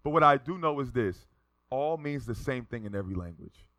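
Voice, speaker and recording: A male pastor preaching a sermon, telling a story with lively delivery and acting out the people in it. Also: mid-range voice, fairly quick, no echo. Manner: animated, acts out the voices of people in his stories.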